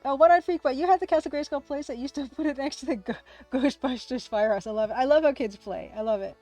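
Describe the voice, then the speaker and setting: Fast-talking rambling woman streamer. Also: sits high, warm tone, faint music behind. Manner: rambling, talks fast, self-deprecating, frequent laughter. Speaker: livestream host and game artist. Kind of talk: casual livestream chat.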